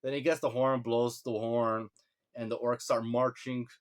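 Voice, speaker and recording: A man's voice: medium pitch, level tone, clean tone. Sarcastic man recapping casually. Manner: sarcastic, mocking retelling with quick quoted voices. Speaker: video reviewer.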